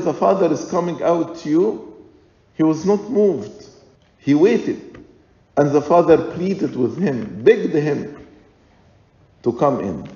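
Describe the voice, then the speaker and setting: A man preaching a sermon in a slow, deliberate, emphatic way, repeating his points. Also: on the high side, mellow. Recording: echoey hall, dull lo-fi sound.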